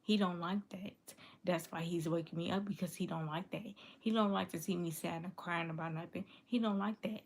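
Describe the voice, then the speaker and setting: Woman vlogging straight to her viewers, aave speech, gravelly low voice, says things over and over like she means it. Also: steady tone, normal speed, hardly any pauses. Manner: earnest, repetitive, emphatic. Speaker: livestream vlogger reading viewer comments. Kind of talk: casual confessional talk to viewers.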